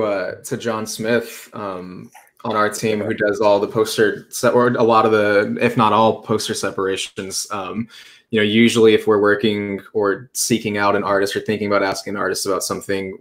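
A man's voice: on the low side, a bit bright. A man co-hosting a casual chat, relaying viewer questions in an easygoing, hesitant way. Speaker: co-host reading chat questions.

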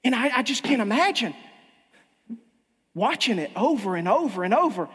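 A man's voice: very high-pitched, big pitch swings, moderate pace, fairly bright tone, slightly rough. A male pastor preaching a sermon, impassioned and emphatic, stumbling over repeated restarts, heard in a church with long reverb.

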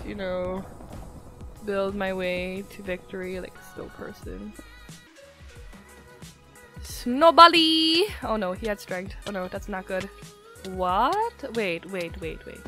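Young woman, gameplay commentary, hyper and giggly, retainer-tinged speech, fairly high voice, faint game music behind. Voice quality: slightly altered pronunciation from a retainer. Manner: hyper, giggly, excitable, swings between loud shrieks and muttering. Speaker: gaming YouTuber. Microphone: desktop mic, no face cam.

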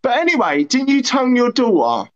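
A man's voice: very high voice, wildly swooping pitch, brisk, dull audio. A man hosting a provocative livestream chat, teasing and needling his guest with mock self-importance. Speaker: livestream host.

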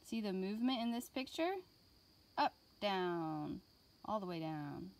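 A woman teaching an online art lesson for young children, explaining slowly and patiently. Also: mid-range voice, lively intonation.

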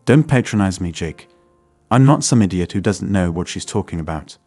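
A man's voice: low-pitched, animated, moderate pace, warm tone, no echo, faint music behind. A man voicing a restless young wife who is earnestly and defensively arguing for an open marriage.

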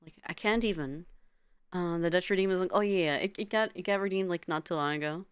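A woman's voice: lowish voice, brisk, clean tone, no room sound. A woman streamer chatting casually with her viewers, giggling often and stumbling over repeated words.

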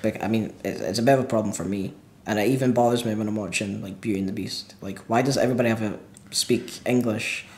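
A man's voice: on the low side, fairly even intonation, quick pace, a little mellow. A man co-hosting a casual film chat, opinionated and steering the talk with questions. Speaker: film club co-host. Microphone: single microphone in front of a camera. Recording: roomy echo.

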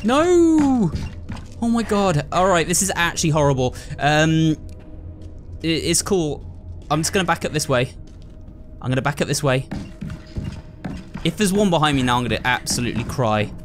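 A man's voice: fairly high pitch, normal speed, pauses often, music in the background. A man commentating on a horror game, frightened and jumpy, talking to his viewers. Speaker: gamer.

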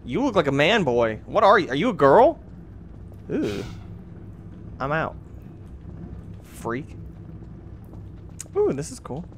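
A man's voice: fairly high pitch, wildly swooping pitch, slow, pauses often, a bit bright. A man giving goofy, mildly crude commentary while playing a video game. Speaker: gamer. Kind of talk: gameplay commentary. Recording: noisy, with game sound behind.

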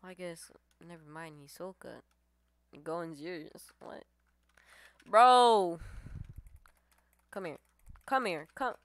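A woman calls out her match as she plays, excitable and foul-mouthed, her pitch leaping all over the place. She trash-talks opponents between groans. The sound is close and dry, with no room around it. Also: slow pace, long pauses, clear, resonant tone, no room sound. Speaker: gamer streamer. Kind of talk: live gameplay commentary.

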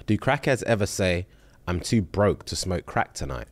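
A young man co-hosting a podcast, relaxed in casual chat and quick to react. His voice sits low but moves around a lot, and the sound is dry and close. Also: no echo. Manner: laid-back, quick reactions and affirmations. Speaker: podcast co-host.

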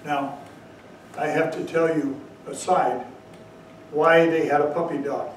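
A man's voice: a little high, fairly even intonation, a little hiss or hum. Echoey, distant Zen teacher man. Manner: storytelling, slow emphatic asides. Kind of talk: dharma talk. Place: meditation hall. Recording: very echoey room, far from mic.

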